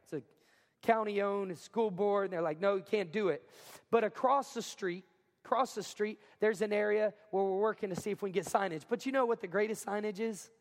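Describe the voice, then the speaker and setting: High-voiced energetic male pastor in a hall. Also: a little fast. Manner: energetic, emphatic, repeats lines for effect. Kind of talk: sermon. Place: school cafeteria or gym used as a church.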